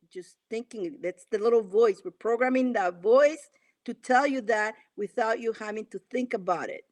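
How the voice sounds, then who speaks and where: Woman, spiritual coach, live stream, fairly high voice, repetitive coaxing delivery. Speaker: spiritual coach leading an affirmation exercise.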